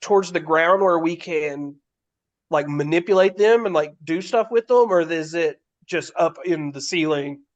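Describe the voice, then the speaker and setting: A man playing a tabletop game asks casual, self-deprecating questions in a somewhat high voice. His mic sounds dull and lo-fi. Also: moderate pace. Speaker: player.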